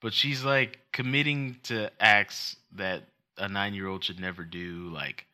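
A man's voice: lowish voice, measured pace. A young man co-hosting a casual podcast, telling stories with animation and ranting with passion. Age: young adult. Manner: animated storytelling, mocking put-on voices; rants with passion. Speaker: co-host.

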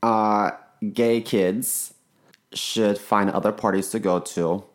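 A young man talks in relaxed podcast banter, stopping and restarting as he works out his thoughts. His humor is dry, and his voice sits fairly low. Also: takes it slowly. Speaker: podcast co-host.

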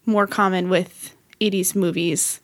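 A woman co-hosting a casual podcast at a middle pitch. She talks in a thoughtful, slightly hesitant way, picking her words as she goes. The sound is close and dry. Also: steady tone, a little slow, no echo. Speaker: podcast co-host.

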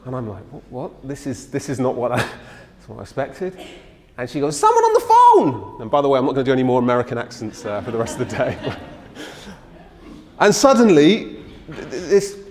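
A man lectures to an audience at a middle pitch, and his voice rings with the long reverb of a large hall. He talks in a relaxed, storytelling way and acts out the lines of the people he quotes. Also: brisk. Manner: conversational storytelling, acting out quoted speech. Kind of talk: public lecture with anecdotes.

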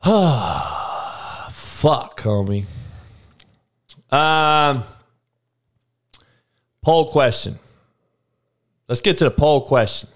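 A man hosting a livestream, talking to his chat in a loose, unscripted rant. His voice sits high and swings widely in pitch. He swears constantly, trails off, and restarts his sentences. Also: drawn-out words, long pauses. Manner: profane, animated, rambling with frequent restarts. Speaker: livestream show host.

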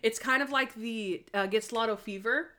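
Animated woman recapping an episode. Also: a little high, normal speed. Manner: animated, acts out characters' lines in quoted voices. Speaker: podcast co-host. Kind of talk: casual chat reviewing a TV episode.

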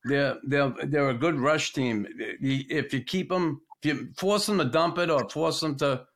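Gravelly man telling profane stories. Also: a little high, a little slow, fairly bright tone. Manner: profane, laughing anecdotes. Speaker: podcast host. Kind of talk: casual storytelling chat.

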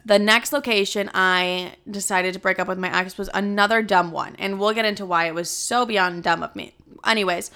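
A woman's voice: mid-range voice, normal speed, clear, resonant tone. A young woman vlogging to her camera, retelling a story casually with lots of swearing and filler "like"s. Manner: profane, animated retelling with lots of "like". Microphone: own camera.

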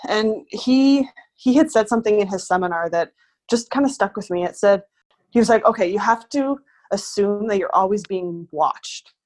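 A woman's voice: mid-range voice, moderate pace, darkish tone. A woman who works in pest control, chatting casually as an interview guest, rambling with many fillers.

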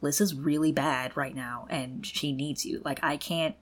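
Woman doing a worried young guy, earnest and pleading, low and plain. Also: steady tone, a little slow.

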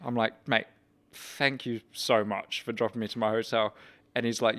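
Male podcast co-host, mid pitch, animated storyteller who laughs a lot. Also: normal speed. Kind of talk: casual banter.

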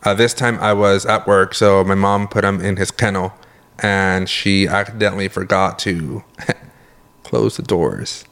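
Low-voiced man rambling casually. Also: fairly even intonation, a little slow, fairly bright tone. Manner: rambling storyteller, self-correcting, laughs often. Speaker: podcast co-host; works in the medical field. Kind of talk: casual chat.

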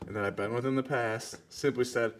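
A man on a casual podcast, telling crude stories in a joking, animated way. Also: medium pitch, brisk, a little hiss or hum. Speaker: podcast guest. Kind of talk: casual storytelling chat.

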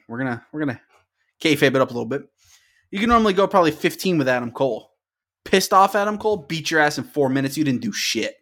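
A young man co-hosts a laid-back podcast and chats about the latest matches. He is loose and profane and builds excitement as he goes. He often keeps talking right over his co-host. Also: a little high. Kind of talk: casual wrestling podcast chat.

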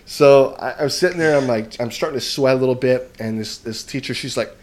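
A man's voice: mid-range voice, brisk, hardly any pauses, darkish tone. Rambling self-mocking male storyteller. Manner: rambling, self-mocking, often adds "right?". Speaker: podcast co-host telling a story. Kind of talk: casual storytelling chat.

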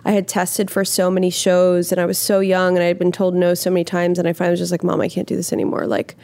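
A young woman who acts, chatting casually and animatedly, swearing freely and acting out what people say in lively voices. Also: on the low side, fast talker, no echo. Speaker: actress, podcast guest. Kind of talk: casual chat.

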